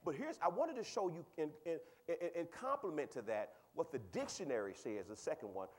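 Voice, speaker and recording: A male pastor preaching a sermon, talking with the congregation and swinging from quiet asides to loud, high exclaims, with quick repeats of words. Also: expressive. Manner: conversational, asks the congregation questions.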